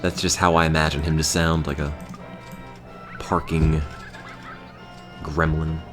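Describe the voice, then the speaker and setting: Low-voiced deadpan young man. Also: unhurried, over music. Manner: deadpan monotone, with bursts of exasperated ranting. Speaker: streamer. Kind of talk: casual chat on a live stream.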